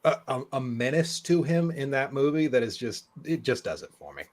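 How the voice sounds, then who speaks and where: A man's voice: medium pitch, sing-song, moderate pace. A man co-hosting a casual group chat, playful and teasing. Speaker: podcast co-host.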